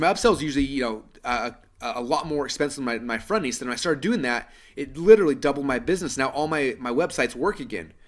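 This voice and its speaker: A man in his thirties from Idaho, presenting a live webinar and telling a story in a fast, animated way with many fillers and restarts. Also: medium pitch. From Idaho, USA.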